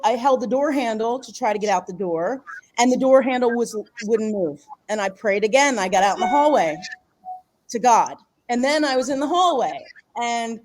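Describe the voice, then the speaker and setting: Animated middle-aged woman telling a story. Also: a little high. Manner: animated, rambling, repeats words and restarts, laughs often. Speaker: guest author and healer. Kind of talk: storytelling in a casual interview.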